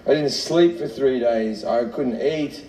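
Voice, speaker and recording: A man's voice: mid-range voice, takes it slowly, mellow. A middle-aged man doing a stand-up comedy routine, telling a profane, self-mocking story with laughs. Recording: echoey, distant, noisy live recording.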